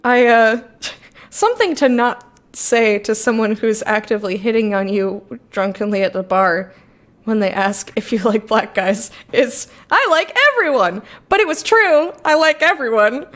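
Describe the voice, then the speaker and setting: A woman's voice: a little high, measured pace. A young woman streaming a game, chatting casually and giggling often. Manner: bubbly, giggly, gushing. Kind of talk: casual live-stream chat while playing a game.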